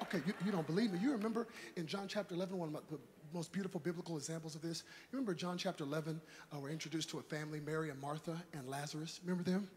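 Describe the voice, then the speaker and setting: A man preaching a sermon in a church, animated and shouting in a sing-song cadence with comic asides. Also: sits high. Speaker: pastor. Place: church sanctuary.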